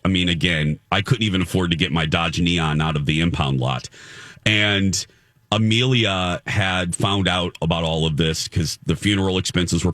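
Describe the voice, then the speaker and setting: A man's voice: low voice, a bit bright, no room sound, clean studio sound. A man in his thirties hosting a casual radio show, telling a heartfelt story with many restarts. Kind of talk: casual morning show chat.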